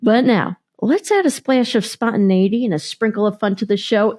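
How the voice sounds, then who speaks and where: A woman hosting a podcast, introducing a segment in a playful, upbeat way and cheering her guest on with quick affirmations. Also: on the high side, a little mellow, soft background music. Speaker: podcast host. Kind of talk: scripted segment intro and interview chat.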